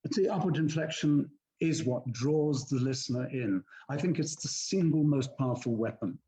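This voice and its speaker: An older man, an actor and audiobook narrator, explaining reading technique in a measured, explanatory way. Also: mid-range voice, dark tone. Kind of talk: conversational teaching.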